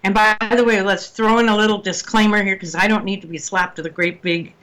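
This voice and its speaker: A woman's voice: mid-range voice, fairly even intonation, brisk, fairly bright tone, low-quality recording. A woman hosting a talk show, chatting casually and laughing easily with her co-hosts.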